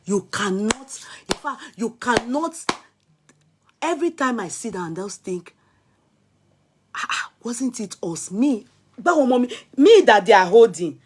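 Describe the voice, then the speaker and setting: A middle-aged woman with a Nigerian accent, telling a personal story in a casual vlog, animated and dramatic, with soft asides. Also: a little high, moderate pace, background noise. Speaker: vlogger.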